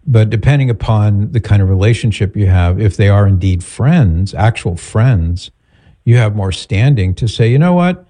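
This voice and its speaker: A man hosting a call-in advice show, counseling a caller in a measured, patient way. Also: lowish voice, dark tone. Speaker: radio advice host.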